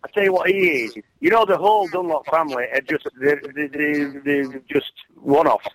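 The speaker, a former racer and commentator guest, has a voice on the high side and speaks at normal speed. The audio is poor, and his casual storytelling is lively but full of restarts.

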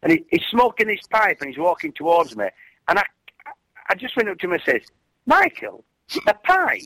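A man's voice: sits high, fast talker, no room sound, low-quality recording. A man, a former racer, chatting casually and telling stories with lots of restarts. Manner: animated storyteller, many restarts. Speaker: former racer and commentator guest. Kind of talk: casual chat.

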